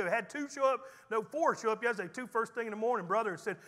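A man's voice: very high voice, lively intonation, fast, hardly any pauses, pushed and bright, in a large hall. A man preaching a sermon as pastor, telling folksy stories with teasing humor. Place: church sanctuary.

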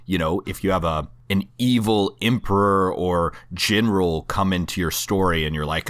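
A man with a notably low voice co-hosts a casual podcast chat about tabletop gaming. He talks in an easygoing, conversational way and slips in jokes as he goes. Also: moderate pace, hardly any pauses, a bit bright. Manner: joking, conversational. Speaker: podcast co-host.

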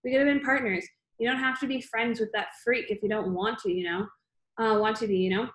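A woman's voice: a little high, fairly even intonation, brisk, fairly bright tone, echoey room, lightly acted, low-quality recording. A woman reading the lines of a sly, taunting schoolboy. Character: smirking, sly boy classmate.

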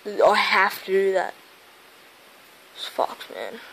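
A woman's voice: mid-range voice, sing-song, takes it slowly, creaky, a bit bright, slight background noise, rough recording. Sleepy, foul-mouthed young woman vlogging. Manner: swears constantly, drowsy and grumbling. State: sleepy, just woke up. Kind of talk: casual rambling vlog. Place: at home by a window.

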